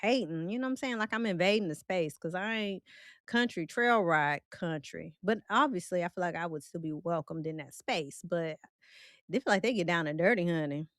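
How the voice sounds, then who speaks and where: A woman's voice: lowish voice, moderate pace, fairly bright tone, no echo. Chatty Midwestern woman host, dry sound. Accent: Midwestern country. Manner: chatty and playful, reacting to viewer comments with frequent laughs. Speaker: livestream host. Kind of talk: casual livestream chat.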